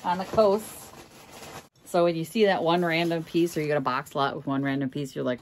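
A middle-aged woman from Minnesota talks casually through her auction haul, candid and chatty with joking asides. Her voice sits fairly low for a woman. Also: steady tone, moderate pace, a little hiss or hum. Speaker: reseller vlogger. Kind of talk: casual chat.

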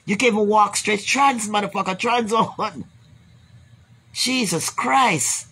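Slow-paced and sharp in tone, her medium-pitched voice is slightly rough. A Jamaican woman, she delivers a blunt, swearing, rambling rant to her viewers, saying things over and over, before closing with blessings.

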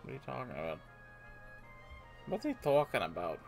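Faint music plays behind this man as he plays a video game, reading the game's lines in silly voices and commenting casually into a desk mic at his computer like a let's play gamer. His medium-pitched voice swoops wildly, carries vocal fry, and moves at normal speed.

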